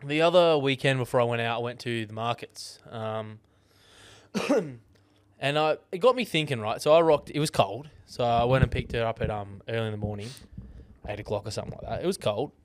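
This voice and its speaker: A young Australian man co-hosting a podcast, telling animated stories full of swearing in casual chat. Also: mid-range voice, a little fast. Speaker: podcast co-host.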